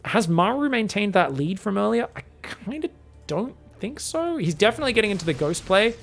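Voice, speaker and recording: A man casting a live strategy game match, analytical and quick to yelp with excitement at big plays. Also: vocal fry. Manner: excitable, breaks into high yelps at big plays. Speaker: esports caster.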